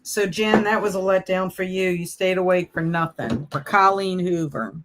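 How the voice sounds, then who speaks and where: On her laid-back reading stream, a female host chats with viewers and sighs in exaggerated, playful dismay. She has a fairly low voice and a moderate pace, and the background is noisy.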